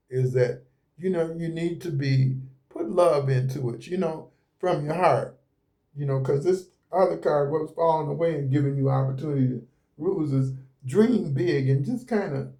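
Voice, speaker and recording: A man's voice: on the high side, dark tone. A man giving a casual, rambling tarot reading at a table, speaking in a folksy way and repeating himself often. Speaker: tarot reader. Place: indoors at a table with cards laid out.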